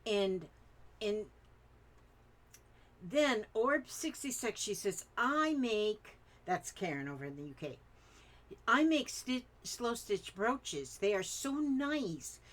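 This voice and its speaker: A woman's voice: medium pitch, very animated, slow. An older woman hosting her craft channel, reading viewer comments aloud and chatting in rambling asides.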